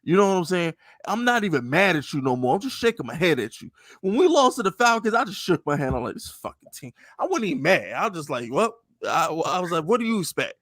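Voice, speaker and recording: A man hosting a casual sports podcast, talking in an animated, mocking, slangy way. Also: a little high, fast talker, dry recording. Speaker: podcast host.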